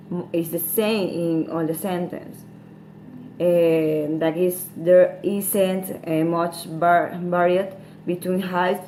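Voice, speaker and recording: Female student presenter, Spanish native, halting delivery with many fillers, faint background noise. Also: on the low side, darkish tone, rough recording. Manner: hesitant, with many fillers and restarts. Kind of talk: class presentation.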